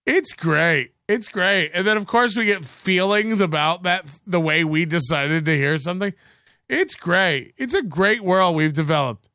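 Sardonic man with a bright, tense voice. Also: high voice, animated, unhurried, no echo, clean studio sound. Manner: sardonic, mocking asides, reads chat comments aloud. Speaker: stream host reacting to clips. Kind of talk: casual live-stream commentary.

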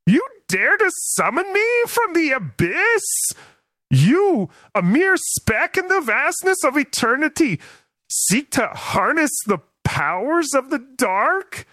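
A woman's voice: sits high, big pitch swings, slow, fairly bright tone, no echo, studio quality, full character voice. A woman voicing a grandiose demon from the abyss. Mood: taunting. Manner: grandiose, taunting. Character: ancient demonic being from the abyss.

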